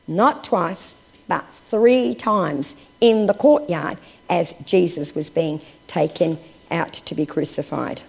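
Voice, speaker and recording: Preaching and reading from scripture, a woman speaks in a mid-range voice with vocal fry. Her delivery rises for emphasis before sinking to quiet, slow phrasing.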